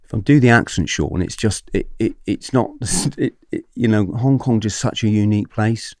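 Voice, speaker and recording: A man's voice: fairly low pitch, moderate pace, darkish tone, dry recording, clean studio sound. A man guest on a podcast, telling his story candidly and animatedly, with swearing and frequent checks with the host.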